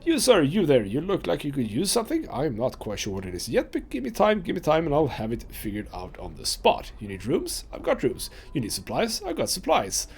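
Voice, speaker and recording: Man doing a florid loudmouth trader, pushy patter, gravelly and animated. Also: on the high side, a little fast, few pauses, exaggerated voice. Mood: boisterous. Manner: shouting, pushy sales patter. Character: loud boisterous male market merchant.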